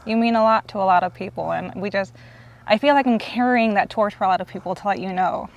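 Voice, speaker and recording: A host in her forties speaks at a quick pace in a mid-range voice, near tears as she gushes earnestly about how much her guest's work means to her, an emotional tribute from a fan.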